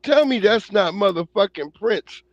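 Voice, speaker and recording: A man with a high voice tells a crude, casual story on a live call-in show. His audio is dry and dull, like a lo-fi call line. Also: lively intonation, a little slow, no room sound. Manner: loose, swearing, storytelling. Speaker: co-host. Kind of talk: casual profane chat on a live online show.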